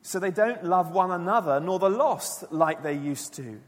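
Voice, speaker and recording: A man preaching a sermon to his church, earnest and emphatic, dropping his voice low and quiet for key lines. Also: animated, moderate pace. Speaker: pastor. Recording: long church reverb.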